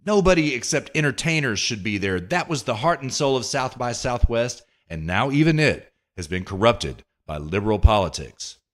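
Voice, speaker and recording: Guy doing a political podcast, mid pitch, sarcastic and worked up, reads news bits then rants. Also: very animated, moderate pace, few pauses. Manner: sarcastic, indignant, reads news excerpts aloud. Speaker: podcast host.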